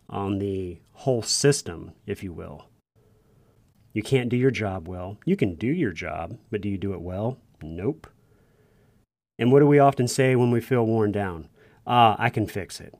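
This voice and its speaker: A man's voice: fairly low pitch, gravelly, darkish tone, no room sound. A man, likely in his thirties, telling a folksy personal story to first responders in an earnest, conversational way, with frequent restarts. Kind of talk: casual storytelling monologue.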